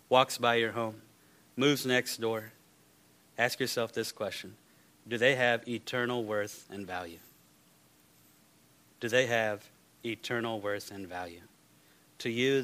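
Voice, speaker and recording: A man preaching a sermon, firing rhetorical questions and moving between loud and hushed delivery. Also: mid-range voice. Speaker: pastor.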